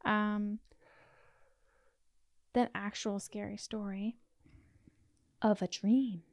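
A woman's voice: medium pitch, steady tone, drawn-out words, a little mellow, no room sound, clean studio sound. A woman co-hosting a podcast, chatting casually and filling her speech with "like" as she tells a story. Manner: chatty, heavy use of "like". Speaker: podcast co-host. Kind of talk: casual chat, telling a dream story.

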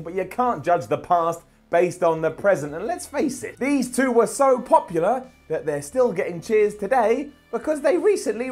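A man hosting a wrestling video, talking in a jokey, sarcastic and animated way. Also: on the high side. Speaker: wrestling show host. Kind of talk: casual video commentary.

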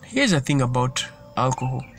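A man's voice: medium pitch, very animated, normal speed, fairly bright tone, soft background music. A man giving an informal sermon in an earnest, repetitive way, often stumbling and restarting his sentences. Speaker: preacher.

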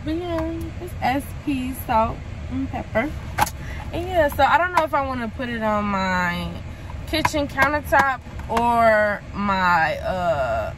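A woman's voice: on the high side, lively intonation, slow pace, noisy background. A young woman, vlogging casually at home into her phone camera in a rambling, chatty way. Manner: chatty, rambling, lots of "like" and "y'all". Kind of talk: casual home vlog chat. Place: at home, moving between rooms. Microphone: phone camera, sometimes propped farther away.

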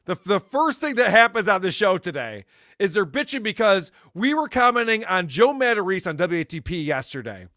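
A man's voice: high voice, big pitch swings, a little fast, sharp tone, dry recording, clean studio sound. A man talking as a podcast guest in casual chat, ranting with sarcasm and swearing.

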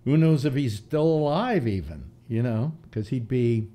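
A man's voice: medium pitch, lively intonation, unhurried, warm tone. A man in his seventies hosting a casual talk show, rambling through philosophical musings with frequent restarts. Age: 70s. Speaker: host.

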